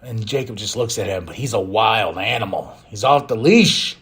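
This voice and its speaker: A young man hosts a podcast, casually recapping wrestling. He's excitable, his pitch swinging widely as he bursts into quick, loud, high acted-out lines, then settles back into low, relaxed chat.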